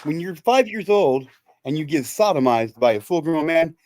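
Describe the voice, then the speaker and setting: Podcast host, man, high voice, dry sound, blunt and emphatic. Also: animated, moderate pace, a little mellow, no room sound. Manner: blunt, emphatic, swears when heated. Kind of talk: casual conversation.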